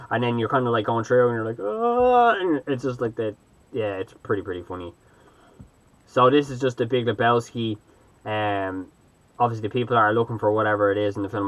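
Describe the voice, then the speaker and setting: A man's voice: medium pitch, a bit bright, no echo, highs cut off. An Irish man chatting loosely and hesitantly as a vlogger, rambling through his thoughts. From Ireland. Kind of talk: casual vlog commentary.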